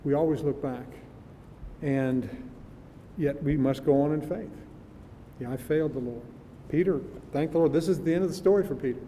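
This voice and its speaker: A man's voice: normal speed, mellow. An older man preaching a sermon in a conversational, musing way, sometimes laughing. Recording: reverberant hall with faint rumble.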